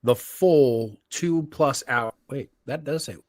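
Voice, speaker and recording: A man's voice: medium pitch, takes it slowly, dry recording, studio quality. A man co-hosting a live-streamed podcast, teasing his partner and walking the audience through a story. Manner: teasing, explains stories to the audience. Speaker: podcast co-host. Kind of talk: casual live-stream chat.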